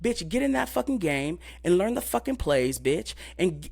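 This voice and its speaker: A man hosting his own podcast, talking in a loose, profane rant. His voice sits a little high and leaps higher still when he gets worked up. He keeps circling back to the same filler phrases. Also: big pitch swings, moderate pace, vocal fry, darkish tone. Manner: pitch jumps high when fired up. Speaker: podcast host. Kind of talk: casual ranting monologue.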